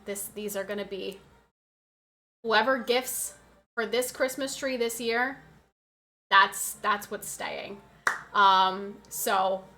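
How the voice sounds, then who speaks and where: A woman's voice: fairly high pitch, sharp tone. A woman in her twenties chatting casually on a livestream, reading out and answering chat with frequent laughs. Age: 20s.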